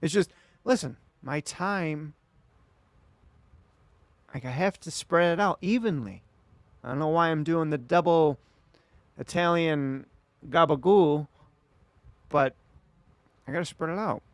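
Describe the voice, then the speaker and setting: A man's voice: fairly high pitch, slow, pauses often, no room sound. A man streaming late at night, chatting casually and rambling back at his viewers.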